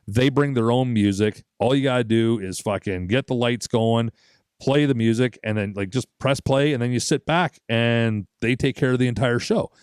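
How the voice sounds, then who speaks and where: A man's voice: mid-range voice, moderate pace, darkish tone, smooth, no echo, clean studio sound. A young man co-hosting a podcast, telling a long story in a casual, profane way and acting out other people's lines. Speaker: podcast co-host.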